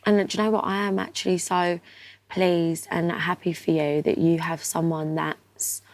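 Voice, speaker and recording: A woman's voice: on the low side, flat delivery, moderate pace. A woman in casual chat, listening attentively and offering support with frequent murmurs of agreement.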